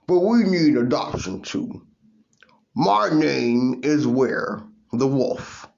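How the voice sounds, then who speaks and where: A man voicing a friendly male werewolf salesman who makes a rambling pitch broken by howls. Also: expressive, slow pace, creaky, a little mellow. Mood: salesy. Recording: dull lo-fi recording.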